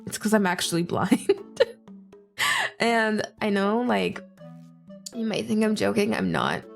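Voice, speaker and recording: A young woman streaming and chatting casually, swearing freely and laughing often, deliberately pushing her recovering voice lower. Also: big pitch swings, creaky, soft background music. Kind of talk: casual chat.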